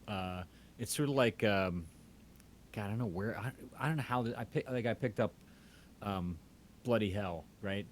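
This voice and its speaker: A man's voice: fairly low pitch, moderate pace, pauses often. A man hosting a casual live chat, rambling with lots of fillers. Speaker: chat host. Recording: faint background noise.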